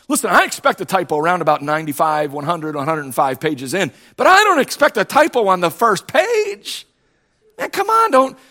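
High-voiced man preaching a fiery sermon. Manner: emphatic, repetitive, rising to shouts then dropping low. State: voice starting to go hoarse. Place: church sanctuary.

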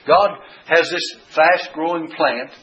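A man's voice: a little high, takes it slowly, pushed and bright, breathy edge. A man preaching a folksy sermon, retelling scripture in a storytelling way. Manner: folksy storytelling with frequent uh fillers. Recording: dull lo-fi recording.

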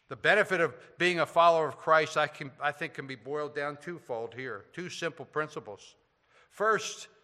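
Slow, bright-voiced male preacher in a hall. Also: a little high. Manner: preaching with dramatic swings between loud emphasis and hushed tones. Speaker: pastor. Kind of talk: sermon.

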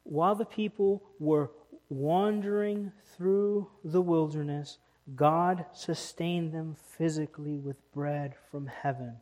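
Man, pastor delivering a church sermon; emphatic, slightly higher voice. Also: fairly even intonation, slow pace. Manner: emphatic, rising to loud stresses.

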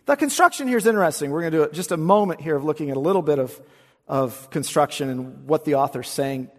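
In a church sanctuary, a pastor with a slightly high, fast male voice preaches an expository sermon, the big room carrying his sound. He swings between emphatic lines and hushed asides, posing rhetorical questions along the way.

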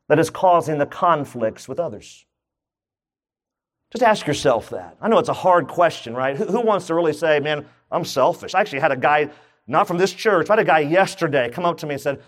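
Emphatic preaching man, higher-pitched. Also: animated, normal speed. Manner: emphatic preaching with comic asides and sudden rises in pitch. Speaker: pastor. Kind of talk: sermon.

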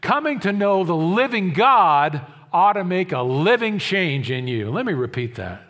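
A male pastor delivering a sermon in a church, his voice sitting a little higher than most men's. He drives points home with emphasis, slows down to repeat key phrases and puts questions to the congregation. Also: very animated, fairly bright tone.

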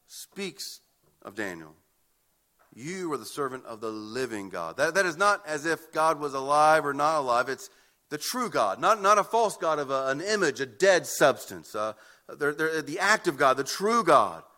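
A man's voice: on the high side, very animated, normal speed, sharp tone. A man preaching an expository sermon, emphatic and often repeating words as he builds a point. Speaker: pastor.

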